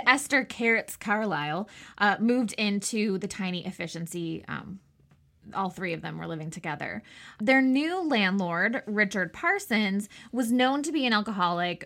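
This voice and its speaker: Chatty woman podcast host, really bright voice, um's and laughs a lot. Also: medium pitch. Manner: chatty, laughs easily, filler-heavy. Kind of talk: casual history podcast narration.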